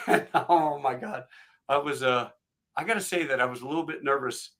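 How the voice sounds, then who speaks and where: A middle-aged man hosting a podcast, telling stories in a casual, animated way and acting out the voices of the people in them. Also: medium pitch, normal speed. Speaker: podcast host. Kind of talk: casual storytelling chat.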